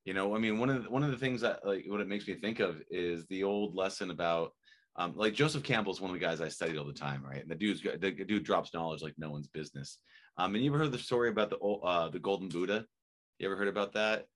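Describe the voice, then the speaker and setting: A man hosting a casual interview who explains ideas in a rambling, animated way, often checking in with "right?". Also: low-pitched, fast talker.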